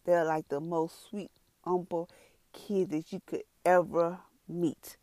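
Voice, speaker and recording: A woman's voice: on the low side, slow, no room sound. A woman, a mother sharing an earnest personal testimony with viewers in a conversational, storytelling way. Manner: earnest, conversational, storytelling with lively quoted reactions.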